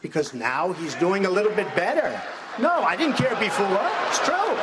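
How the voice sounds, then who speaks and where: A man's voice: high-pitched, sing-song, normal speed, heavy background noise. An older man, answering in a live debate with blunt, repetitive, emphatic phrasing. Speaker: presidential debate candidate. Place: large debate hall with audience. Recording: broadcast audio in a reverberant hall with crowd.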